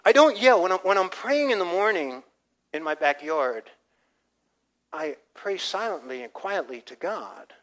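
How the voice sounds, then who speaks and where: A man's voice: sits high, expressive, unhurried, a bit bright, poor audio. An older man, a pastor, preaching a conversational sermon with frequent restarts and asides. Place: church.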